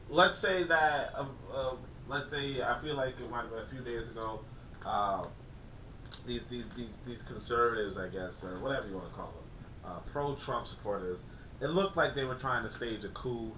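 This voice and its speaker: A man's voice: medium pitch, pushed and bright, slight background noise. A man talking in a casual commentary monologue, rambling with many fillers and restarts and repeating his points to drive them home. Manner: preachy, repeats points for emphasis. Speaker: commentator and author. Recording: echoey, distant, dull lo-fi audio.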